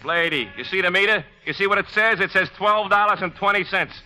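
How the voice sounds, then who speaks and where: A brusque New cabbie. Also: male voice, sits high, fairly quick, bright, forceful tone, poor audio. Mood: irritated. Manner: brusque, scornful, streetwise. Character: gruff proud New York cab owner-driver. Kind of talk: 1940s radio acting.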